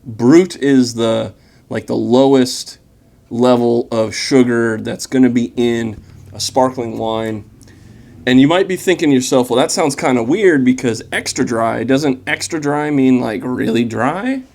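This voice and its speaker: A man hosting a casual wine tasting, talking in a relaxed, chatty and enthusiastic way with plenty of fillers. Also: medium pitch, unhurried, gravelly. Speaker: wine vlogger.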